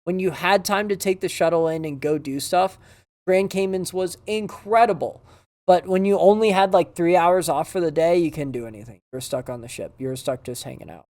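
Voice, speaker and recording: A man chatting casually on a podcast, his voice swinging up and down as he acts out the people in his stories. He is an animated teller who keeps the conversation moving. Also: on the high side, a little fast. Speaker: podcast co-host. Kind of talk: casual chat.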